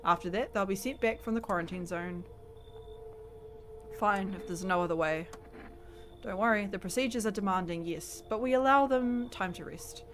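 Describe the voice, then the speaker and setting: A woman voicing a calm, bureaucratic inspector who reassures in an official tone. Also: mid-range voice, normal speed, slight background noise, lightly acted. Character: smooth official male inspector.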